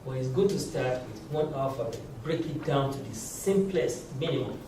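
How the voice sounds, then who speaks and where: A man teaching a language class, giving slow, patient explanations and chuckling often. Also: medium pitch, lively intonation, background noise. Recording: very echoey room, mic far off.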